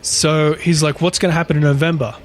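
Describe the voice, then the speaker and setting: A man's voice: on the high side, level tone, brisk. A man co-hosting a podcast, casually retelling a paranormal story in a rambling way, with frequent swearing. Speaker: podcast co-host.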